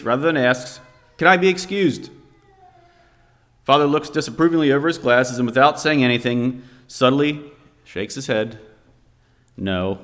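A man's voice: medium pitch, a bit bright. A man preaching a sermon, telling a family story to make his point. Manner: storytelling, vividly recounting a scene. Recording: long hall reverb.

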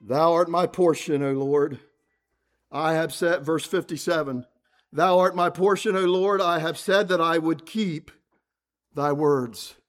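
A man preaching a sermon, reading scripture aloud and repeating his points earnestly, often dropping to a low murmur at the ends of phrases. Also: a little slow.

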